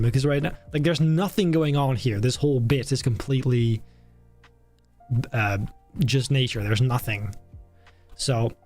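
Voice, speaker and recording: Faint background music plays as a streamer builds a theme park on a live stream. He's a young British man with a slightly high, slightly mellow voice who chats casually, muses aloud, and pokes fun at himself.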